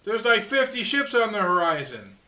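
A man's voice: high-pitched, big pitch swings, moderate pace, sharp tone, exaggerated voice. A man voicing an anxious servant who pleads with a pirate captain. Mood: eager.

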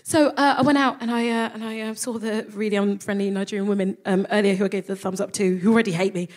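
A woman's voice: medium pitch, steady tone, fast. A woman telling a self-mocking comic story on stage, acting out the voices of the people in it. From England. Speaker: comedy podcast co-host. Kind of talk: stand-up storytelling before a live audience. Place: live venue stage.

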